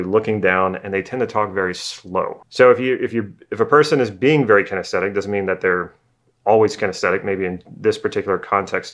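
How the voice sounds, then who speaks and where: A man's voice: on the low side, a bit bright. A man explaining NLP ideas in a casual video lesson, repeating phrases as he thinks aloud. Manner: acts out slow and fast talkers. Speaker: NLP teacher.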